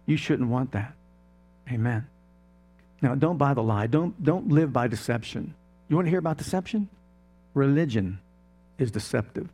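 A man's voice: medium pitch, gravelly, darkish tone. A middle-aged male pastor preaching a sermon emphatically, firing off rhetorical questions to the congregation.

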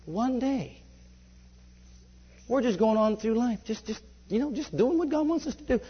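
A man preaching in a conversational storytelling way, animated and laughing often as he gives a testimony. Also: very high-pitched, moderate pace, slightly rough. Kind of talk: sermon storytelling. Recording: dull lo-fi recording.

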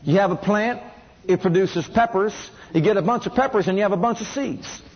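A man's voice: sits high, fairly quick, highs cut off. A man preaching a sermon who keeps asking the congregation questions and has them repeat lines back to him.

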